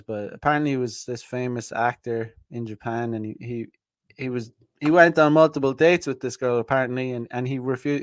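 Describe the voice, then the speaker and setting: A man's voice: medium pitch, no room sound, clean studio sound. A man hosting a podcast, talking in a blunt, profane, rambling way with many restarts and fillers. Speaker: podcast host. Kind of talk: casual livestream monologue.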